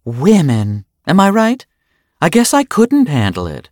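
A man's voice: medium pitch, very animated, slow, no room sound, clean studio sound, voice pushed up. A man voicing a sly, sarcastic woman doctor who runs a hospital, talking in a mock-innocent, sing-song way.

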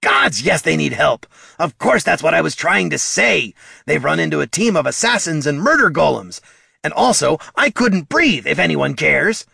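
Shrill whiny little kobold. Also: male voice, very animated, normal speed, vocal fry, pushed and bright, breathy edge, dry recording, studio quality, full character voice. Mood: indignant. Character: small panicky sarcastic male kobold. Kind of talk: audiobook character voice.

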